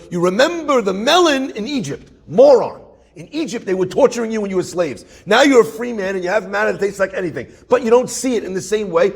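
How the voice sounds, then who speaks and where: A rabbi delivers a lively sermon in a high, gravelly voice, his pitch leaping up and down as he presses his points. He speaks to his listeners directly and keeps asking them questions. His tone is husky and a little rough. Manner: animated, rhetorical questions to the audience.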